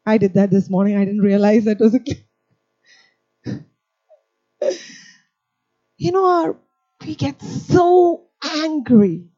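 A woman's voice: medium pitch, measured pace, long pauses, no room sound, dull audio. A woman preaching a sermon, telling stories with humour and acting out scenes. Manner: animated, humorous storytelling, acting out scenes.

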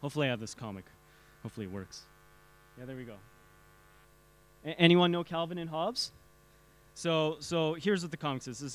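Man, casual church teacher, stammering restarts, engages the audience, voice on the high side. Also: expressive, a bit bright. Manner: halting, repeats words, asks the audience questions.

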